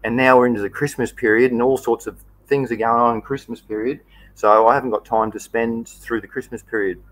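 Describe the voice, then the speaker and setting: A man's voice: medium pitch, fairly even intonation, a little fast, fairly bright tone, poor audio. A man with an Australian accent hosting a casual live stream, talking through viewer questions in a chatty, easygoing and rambling way. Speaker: livestream host.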